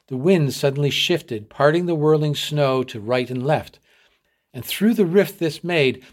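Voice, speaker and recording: A man from a readers' theatre reading a short story aloud in a measured storytelling voice. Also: on the high side.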